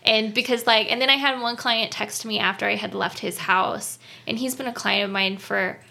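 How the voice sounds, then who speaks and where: Young woman just chatting, pretty bright voice, super gravelly fry, candid and rambly. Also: medium pitch, fairly even intonation, moderate pace. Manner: candid, emotional storytelling with lots of fillers and laughs. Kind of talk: casual chat.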